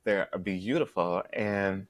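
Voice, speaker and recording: A man's voice: deep voice, slow pace. A man hosting a podcast, giving a casual, profane recap and acting out contestants' quarrels. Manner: profane, blunt, acts out contestants' lines. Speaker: podcast host recapping a reality show.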